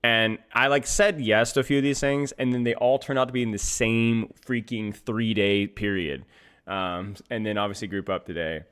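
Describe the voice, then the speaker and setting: A man's voice: lowish voice, fairly even intonation, moderate pace, a bit bright, clean tone. A man streaming and coaching a game, chatting casually with his viewers in a loose, rambling way and often breaking into laughter. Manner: giggly, keeps breaking into laughter. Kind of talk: casual live-stream chat.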